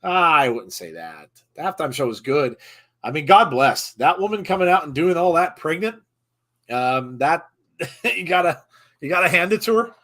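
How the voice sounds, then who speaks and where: A man's voice: on the high side, moderate pace. Chatty man calling wrestling live. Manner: chatty, laughs often, reads viewer comments; bursts into excited shouting. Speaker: host. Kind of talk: live wrestling watch-along commentary.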